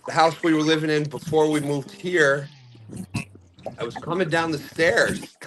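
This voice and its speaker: A man's voice: a little high, background noise. A middle-aged man hosting a live fishing stream, chatting casually, laughing often and rambling through stories. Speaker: livestream fishing host.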